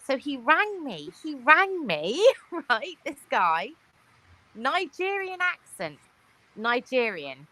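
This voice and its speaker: Animated, bright-voiced woman. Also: high voice, slow, poor audio. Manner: laughing, animated storyteller. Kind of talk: casual group chat.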